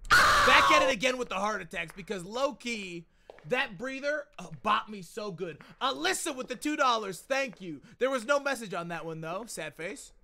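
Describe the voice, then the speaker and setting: A young man chatting casually on a gaming livestream, reacting loudly and thanking viewers for donations. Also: extremely high pitch, vocal fry, a little hiss or hum. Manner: excitable, loud outbursts, reads out donations. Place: home.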